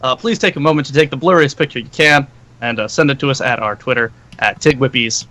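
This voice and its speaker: A man's voice: mid-range voice, quick pace, sharp tone. A man co-hosting a gaming podcast in casual chat, cracking jokes between many fillers. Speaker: podcast co-host.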